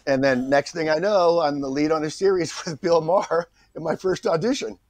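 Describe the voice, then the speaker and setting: A man's voice: on the high side, normal speed. A middle-aged man, an actor guest, telling an anecdote and acting out the voices of the people in it. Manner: animated, acts out voices in his stories. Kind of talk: anecdotal storytelling.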